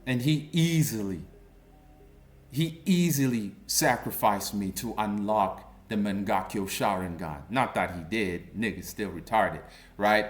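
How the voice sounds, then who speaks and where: A man's voice: lowish voice, unhurried. A man in his thirties ranting in a mocking, confrontational commentary, full of slang. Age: 30s. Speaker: online commentator.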